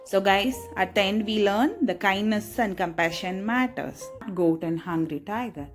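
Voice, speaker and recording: A woman's voice: medium pitch, a little slow, soft background music. A woman narrating a moral story for children in a chatty way, often checking in with her listeners. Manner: chatty, asks listeners "right?".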